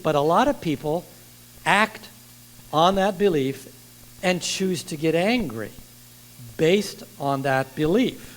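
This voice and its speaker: An older man preaching a sermon in a church, lively and asking the congregation questions. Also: on the high side, poor audio.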